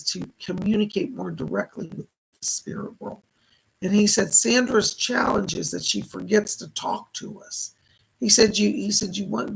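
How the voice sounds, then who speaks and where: A hoarse man doing live psychic readings, passing on spirit messages as quoted speech. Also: sits high, a bit bright, poor audio. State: hoarse, losing his voice. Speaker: psychic medium.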